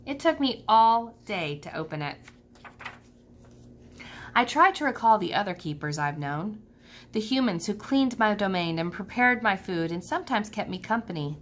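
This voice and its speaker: A woman teacher reading a children's book aloud to students, telling the story in a calm, steady way. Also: mid-range voice, normal speed, a little hiss or hum.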